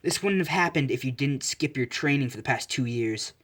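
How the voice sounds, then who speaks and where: A man's voice: mid-range voice, lively intonation, fairly quick, a bit bright. A man voicing a middle-aged mother who is stern and upset.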